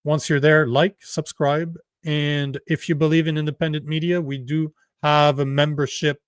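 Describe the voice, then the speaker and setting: A man whose first language is French, co-hosting a casual political livestream in a rambling, animated way with free swearing. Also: on the high side, normal speed, clear, resonant tone, dry recording, clean studio sound. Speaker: livestream co-host.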